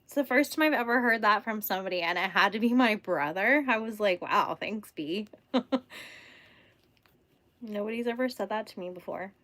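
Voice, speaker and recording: A woman's voice: mid-range voice, quick pace, a bit bright, dry recording. A young woman from California with a Californian accent, hosting a casual crochet livestream, chatting bubbly with viewers and laughing often. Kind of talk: casual live-stream chat with viewers.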